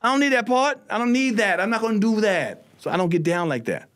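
A man telling a story on a podcast, swearing and animated, acting out his own quotes. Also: high voice, quick pace. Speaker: comedian guest.

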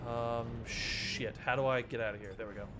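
A man's voice: medium pitch, steady tone, normal speed, background noise. A young man giving casual commentary while playing a horror game, joking, swearing often and yelping at jump scares. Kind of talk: casual let's-play commentary.

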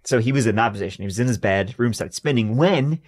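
A man's voice: mid-range voice, fast. A young adult man co-hosting a podcast, narrating a true-crime story in a jokey, casual way. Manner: jokey, animated storyteller who riffs on his own narration.

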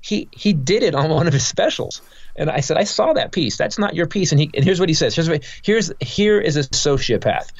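A man's voice: a little high, expressive, a little fast, dry recording. A male comedian, a guest on a podcast, telling a heated story with lots of cursing and stop-start restarts. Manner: profane, heated, rambling with many restarts. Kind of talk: casual podcast interview storytelling. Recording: dull, dry podcast audio.

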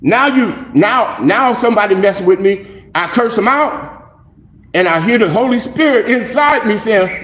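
A male pastor preaching a sermon in an animated, conversational way, acting out little dialogues. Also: high-pitched, moderate pace, echoey room. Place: church.

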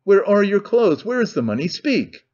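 A man's voice: a little high, lively intonation, measured pace, a little mellow. A man voicing a frantic, desperate mother in an audiobook, shrieking accusations. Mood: frenzied. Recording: dull lo-fi recording.

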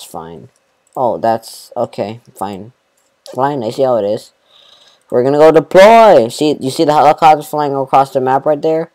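A man giving casual commentary on a game as he plays. He rambles, fills gaps with "you know" and "bro", mumbles some asides and gets loud when excited. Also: mid-range voice, rough recording. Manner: rambling, laid-back, full of fillers like "you know" and "bro"; swings between mumbled asides and excited bursts. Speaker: gameplay commentator. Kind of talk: casual let's-play commentary.

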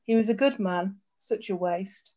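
A woman voicing an older male vampire with an old English gentleman persona, speaking quietly and sombrely. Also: medium pitch, measured pace, close to an everyday voice.

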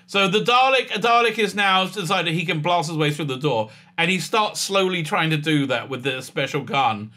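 A man casually recapping and reviewing a TV episode as a channel host, sarcastic and animated, with lots of fillers and restarts. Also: fairly high pitch, moderate pace, few pauses. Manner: sarcastic and animated, with many fillers and restarts, acting out quoted lines.

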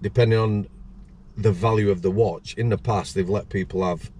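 A man's voice: fairly low pitch, steady tone, moderate pace, a little mellow, slight background noise. A middle-aged man, a former prison officer and the show's host, telling rambling anecdotes with frequent restarts and acting out other people's voices. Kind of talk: casual storytelling chat.

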